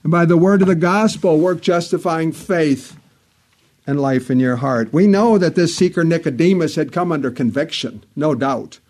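A man delivering a sermon in a slightly higher-than-usual voice, earnest and deliberate. He reads scripture in old King James wording and drives his points home with emphatic repetition. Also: a little mellow. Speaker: preacher.

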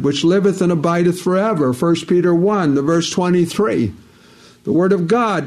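A man's voice: fairly high pitch, darkish tone. A man preaching a sermon, emphatic and repetitive, quoting scripture at length.

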